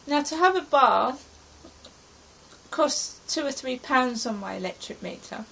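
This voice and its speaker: A woman's voice: sits high, expressive, a little slow, gravelly, a bit bright, rough recording. A middle-aged woman from England giving an anxious, rambling account of her day as a personal diary. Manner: anxious, rambling present-tense retelling. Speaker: vlogger.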